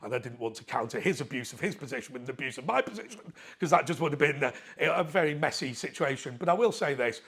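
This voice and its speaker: Husky, chatty English man. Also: mid-range voice, expressive, fast, fairly bright tone. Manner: chatty, cheeky, acts out dialogue with shifting voices. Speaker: storyteller, channel host. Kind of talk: casual anecdote to camera.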